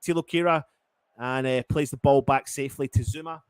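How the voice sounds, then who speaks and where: Commentating live on football as a partisan fan, a man curses and shifts between quiet muttering and loud shouting. His voice is clear and resonant with fairly even intonation, a little fast, and the recording has no room sound.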